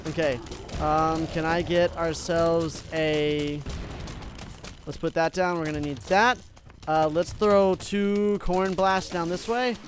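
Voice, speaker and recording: A man's voice: a little high, fairly even intonation, slow, slight background noise. A young man giving casual gameplay commentary, addressing his viewers as "guys" and swinging between hype and gloom. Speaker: gaming YouTuber.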